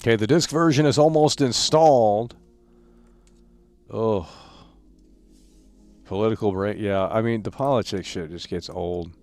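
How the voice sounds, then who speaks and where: A man's voice: on the low side, a little slow, pauses often, a little mellow, dry recording. A man live-streaming about a video game, ranting and swearing as he reads out comments, often stammering and repeating words.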